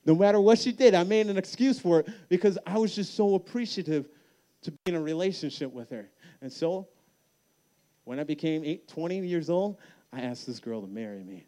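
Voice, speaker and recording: Man preaching a soft-spoken testimony. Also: on the high side, lively intonation. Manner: emotional storytelling, dropping soft and slow on key lines. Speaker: camp speaker. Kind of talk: sermon with personal testimony. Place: large hall at a youth camp.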